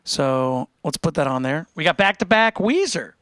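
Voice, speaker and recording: A man's voice: fairly high pitch, animated, moderate pace, fairly bright tone, clean tone, no room sound. A man hosting a live music stream, chatting casually and jokingly while he reads out viewer donations. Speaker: livestream music show host. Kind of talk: casual livestream chat between songs.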